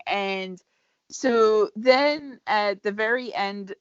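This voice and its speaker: A woman co-hosting a podcast, casually retelling a show's episode with animated energy and frequent laughs. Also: medium pitch, extremely slow, smooth, no echo. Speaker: podcast co-host. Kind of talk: casual chat recapping a show. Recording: dry, dull lo-fi podcast audio.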